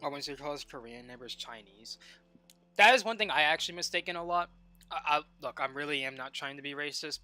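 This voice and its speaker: A young adult man talking casually on a live stream while gaming, rambling and animated, full of "like" and stop-start restarts. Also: fairly high pitch. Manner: rambling and animated, heavy use of "like" and repeated restarts.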